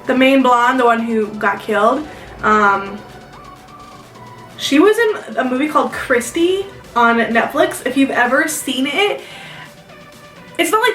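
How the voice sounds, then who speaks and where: A young woman from South Dakota, a beauty vlogger, has a high-pitched, fairly bright voice and is far from the mic. She chats casually while doing her makeup in a get-ready-with-me video, rambling with lots of "like" fillers, in an echoey room with faint music.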